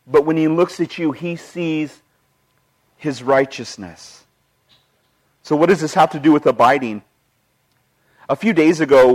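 A man preaching as a pastor. He is earnest, tells personal stories, quotes scripture, and moves between emphatic and hushed delivery. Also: a little high. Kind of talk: sermon.

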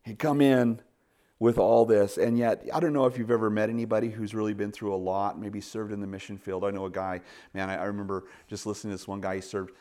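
A man preaching a sermon, retelling stories with lively bursts and quiet asides. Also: lowish voice, quick pace. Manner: animated storytelling with sudden loud bursts and quiet asides. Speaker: pastor.

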